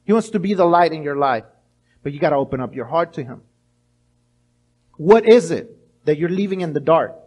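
A middle-aged pastor with a high voice preaches in an animated way. He slips into little acted-out voices and often stumbles and restarts his words. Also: normal speed, pauses often. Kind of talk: sermon.

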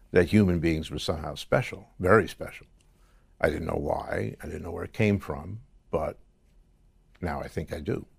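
A man being interviewed, telling a personal story in a reflective, halting way with frequent restarts. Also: low voice, vocal fry, no echo, clean studio sound. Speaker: guest. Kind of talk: conversational interview.

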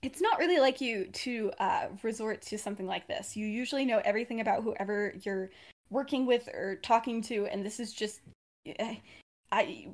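A young woman with a fairly high voice chats through a fan-fiction story on her podcast. She talks casually, full of fillers and quick laughs. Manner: chatty, laughs often, many fillers. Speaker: podcast co-host.

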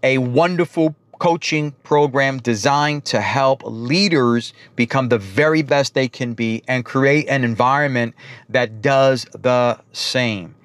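A man's voice: medium pitch, slow, fairly bright tone, dry recording. A man with a New York accent hosting a business talk show, introducing guests in an upbeat, emphatic way.

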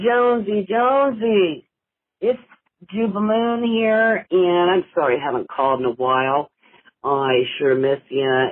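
Slow, husky older man on voicemail. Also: high-pitched, no echo, phone-quality sound. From Ohio, USA. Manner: laid-back and rambling, with drawn-out uhs and laughs. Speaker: listener leaving a voicemail. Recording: phone voicemail.

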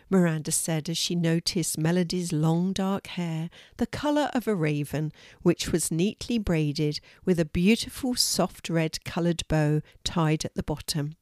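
An older woman reading a children's storybook aloud, gentle and measured. Her voice sits fairly low, and the recording is dry and close. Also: no room sound. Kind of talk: storybook narration.

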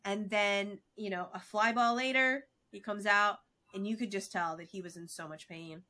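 A woman co-hosting a casual sports podcast, recapping games in an animated, excitable way with lots of fillers. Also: mid-range voice, moderate pace. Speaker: podcast co-host.

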